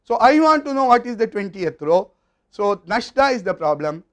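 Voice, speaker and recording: High-voiced Indian man lecturing steadily. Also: big pitch swings, a bit bright. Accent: Indian English. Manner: measured, explanatory, trailing off at phrase ends. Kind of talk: recorded lecture.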